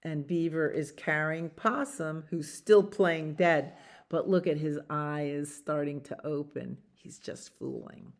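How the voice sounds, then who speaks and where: A woman librarian reads a bedtime picture book aloud at an unhurried pace, stopping often to point out the pictures. Her voice sits a little low for a woman, and her tone stays gentle and chatty. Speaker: children's librarian.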